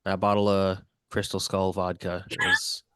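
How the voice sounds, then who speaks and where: A man's voice: low-pitched, little pitch movement, unhurried, sharp tone, clean tone, no room sound, studio quality. A man playing a tabletop game, easygoing and casual. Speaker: player.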